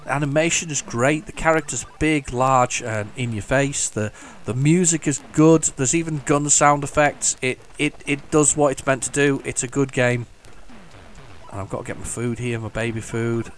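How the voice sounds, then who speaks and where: A man's voice: medium pitch, moderate pace, a little hiss or hum. A man giving casual, enthusiastic commentary while playing an old computer game, rambling and restarting his sentences. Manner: hums the game tunes along. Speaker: retro gaming video host. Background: faint retro game music.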